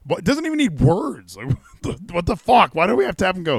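Young man, podcast host, casual, excitable and profane, raised pitch, dry close sound. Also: fast talker, few pauses, breathy edge, no echo.

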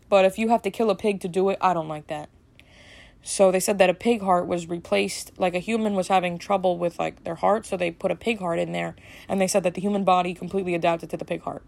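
A woman hosting a casual solo podcast, rambling and chatty with lots of fillers, a little snarky and brisk. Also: medium pitch, vocal fry, darkish tone. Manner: rambling and chatty, full of "like" and "you know"; brisk, slightly snarky delivery. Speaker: podcast host.

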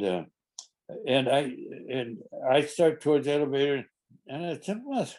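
A man's voice: medium pitch, a little mellow. An older man, a stage actor, telling a rambling, amused backstage anecdote with frequent restarts. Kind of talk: casual anecdotal storytelling.

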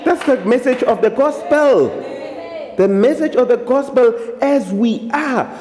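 A man's voice: very high voice, lively intonation, unhurried, darkish tone. A man preaching a sermon as pastor, switching between English and local languages and punctuating his points with amens. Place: church hall. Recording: echoey hall.

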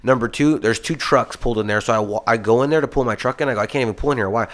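Fast-talking young man ranting casually. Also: mid-range voice, a bit bright. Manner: heated rambling storytelling, heavy swearing. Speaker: podcast co-host. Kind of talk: casual podcast chat.

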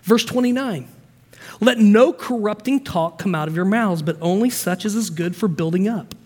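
Emphatic high-voiced male preacher. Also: moderate pace, long reverb tail. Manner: preaching with stories, swings from soft storytelling to emphatic. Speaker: pastor. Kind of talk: sermon.

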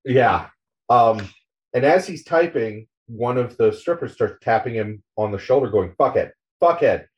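A man's voice: mid-range voice, unhurried. Man, podcast host, casual comic recap, profane, muffled lo-fi sound. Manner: loose, profane retelling.

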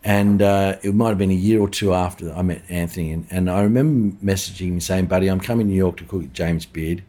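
A middle-aged Australian chef, a podcast guest telling long anecdotes in casual interview talk, with many restarts and fillers. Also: male voice, low-pitched, fairly even intonation, quick pace, mellow.

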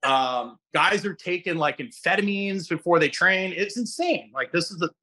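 A man's voice: sits high, normal speed, husky. A middle-aged man, a fitness coach and guest host, chatting casually on a podcast and telling stories in a rambling way, often acting out other people's voices. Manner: animated storyteller who acts out other people's voices; rambling, with many restarts.

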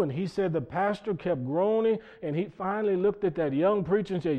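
Male preacher with a slightly high voice, folksy sermon storytelling, dull lo-fi recording. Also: lively intonation, fairly quick, few pauses. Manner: folksy, retells quotes with repeated "he said".

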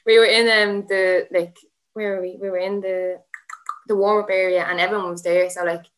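A young woman with an Irish accent tells her story in a casual podcast chat. She talks very quickly and keeps piling on "like", breaking off with laughing asides as she goes. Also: mid-range voice, flat delivery. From Ireland. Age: young adult. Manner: rambling, lots of "like", laughing asides. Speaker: guest, MMA fighter.

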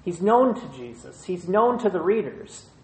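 A pastor preaching a sermon in short, measured phrases, retelling a scripture passage. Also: mid-range voice, very animated, darkish tone, a little hiss or hum. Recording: roomy echo.

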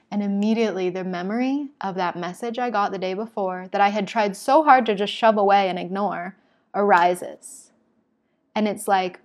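A woman's voice: medium pitch, a little mellow. A woman telling a personal story to her viewers in a candid, emotional way, often saying "like". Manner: emotional, candid, heavy use of "like".

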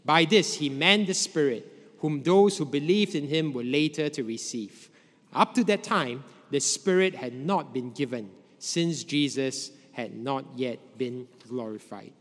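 A man preaching a sermon in a measured way, letting his voice drop low at the ends of phrases. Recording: long hall reverb.

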